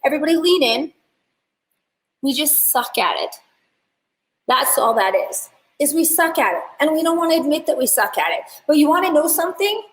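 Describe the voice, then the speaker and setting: Speaking at a moderate pace, a high-pitched female hair educator chats animatedly through a live online class, picking out viewers from the chat. A roomy echo surrounds her voice.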